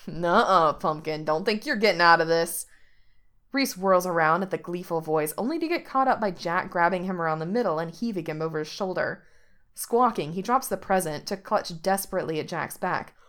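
A woman narrating a story aloud with steady, expressive delivery. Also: on the low side, brisk.

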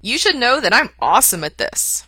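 Woman voicing a goofy eager young guy, halting, bright tone, dry close sound. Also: on the high side, big pitch swings, breathy edge, no room sound, voice pushed up, full character voice. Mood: playful. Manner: halting, eager, raised and louder than the narration. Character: eager, playful young man, hesitant and goofy.

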